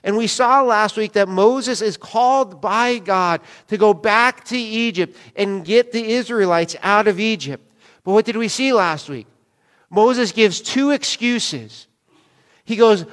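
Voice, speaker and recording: A man's voice: high voice, animated, unhurried, fairly bright tone. A man preaching a sermon as pastor, in a casual, conversational way, acting out quoted dialogue as he goes. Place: church sanctuary. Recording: long church hall reverb.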